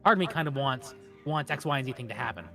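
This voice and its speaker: A man's voice: medium pitch, fast talker, vocal fry, a bit bright, soft background music. A man in casual stream chat, rambling and repeating words as he thinks aloud.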